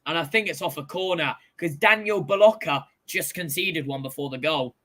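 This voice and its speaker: Bright-voiced, excitable male football host. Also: on the high side, normal speed. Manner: excitable and jokey, shouts over goals. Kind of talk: casual live football chat.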